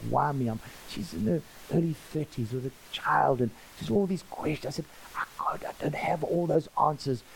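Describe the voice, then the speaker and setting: A man, a pastor preaching a sermon and acting out the dialogue of his stories with lively energy. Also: medium pitch, creaky, slight background noise, poor audio. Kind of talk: storytelling sermon.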